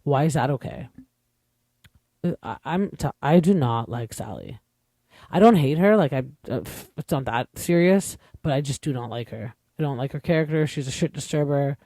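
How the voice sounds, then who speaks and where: A man's voice: on the high side, lively intonation, moderate pace, dark tone, no echo, studio quality. A young man from Canada, an opinionated podcast host chatting casually through a reality TV recap with lots of fillers.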